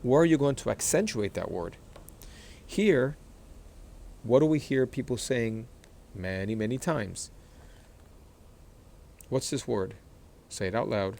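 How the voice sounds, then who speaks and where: A man teaching how to read and stress words, explaining patiently, repeating words slowly, and clearing his throat often after a recent illness. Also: medium pitch, lively intonation, darkish tone, a little hiss or hum. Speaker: Hebrew reading teacher. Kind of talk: explanatory lesson, screen-sharing.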